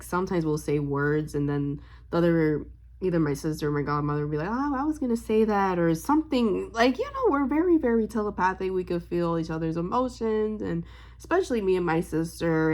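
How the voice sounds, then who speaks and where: Young woman vlogger, slightly low voice, rambling storytime chat full of fillers. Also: a little mellow. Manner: rambling, heavy on fillers, loses her train of thought; emotional and upbeat, smiling while talking. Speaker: vlogger and spiritual reader.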